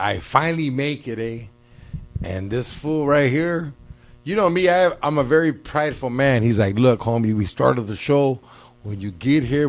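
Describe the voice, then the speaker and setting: Slangy, profane storytelling man. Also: medium pitch. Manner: profane, slangy storyteller who acts out quoted voices. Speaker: podcast host. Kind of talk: casual chat. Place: podcast studio.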